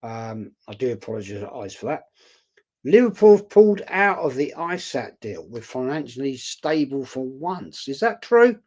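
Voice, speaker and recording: On a live stream, a man with a medium-pitched, sing-song, darkish voice speaks at a measured pace while casually chatting. He reads viewer comments aloud and responds bluntly. His manner is outspoken and talkative, and he addresses viewers as "mate."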